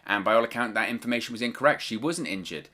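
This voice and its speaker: A man's voice: medium pitch, quick pace, pushed and bright. A man giving solo wrestling news commentary as a vlogger, talking hesitantly and repeating words as he chooses them carefully.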